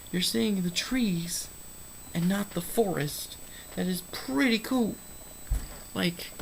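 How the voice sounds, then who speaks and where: Rambling creaky-voiced movie reviewer. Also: mid-range voice, slight background noise, low-quality recording. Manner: rambling, stream of consciousness, many fillers and restarts.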